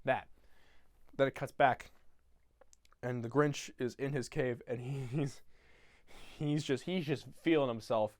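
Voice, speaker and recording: A man's voice: mid-range voice, a little slow, long pauses, dry recording, studio quality. A young man rambling profanely through a retelling of a film from memory, laughing as he goes. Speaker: YouTuber.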